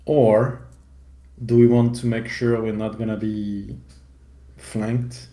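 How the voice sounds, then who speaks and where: A man's voice: lowish voice, level tone, takes it slowly, dark tone, echoey room, low-quality recording. A man playing a tabletop game, thoughtful and planning aloud. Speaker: player.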